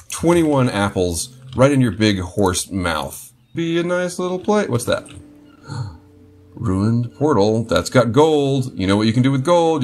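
A man casually commenting on his own gameplay, joking and talking to his game horse. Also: medium pitch. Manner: playful, talks to his game horse in mock apology. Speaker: gaming channel host.

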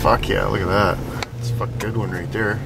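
A man's voice: fairly low pitch, steady tone, a little fast, vocal fry. A man chatting casually and profanely for his vlog, rambling and apologizing for his swearing. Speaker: vlogger. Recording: vehicle and outdoor noise.

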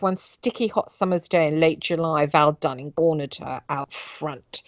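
A woman reading her own memoir aloud, breaking off into flat, wry asides, on dull dry lo-fi audio. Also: on the low side, no room sound. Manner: flat, wry asides between read passages.

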